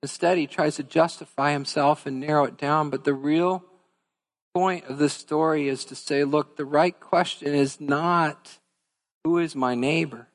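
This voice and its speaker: A fairly high-voiced man preaching as pastor, earnest and conversational as he speaks straight to the congregation. His voice carries a long reverb from a church sanctuary. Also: steady tone, unhurried. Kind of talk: sermon.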